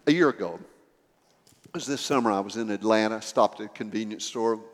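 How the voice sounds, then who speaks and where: A man's voice: lowish voice, a little fast, long reverb tail. A man preaching a sermon, telling a story with acted dialogue and building to emphatic swells.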